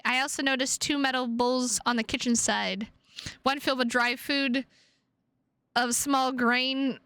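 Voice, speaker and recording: A young woman streamer reads a visual novel aloud and breaks off into animated, foul-mouthed chatter full of "like." Her voice sits high and bright with a smooth, clean tone. It is recorded close and dry, with no room echo. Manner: animated, swears freely, heavy "like" fillers.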